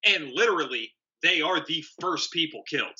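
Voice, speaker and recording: A man's voice: fairly high pitch, animated, moderate pace, sharp tone, highs cut off. A man in his late thirties co-hosting a casual movie review chat, blunt and profane. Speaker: podcast co-host.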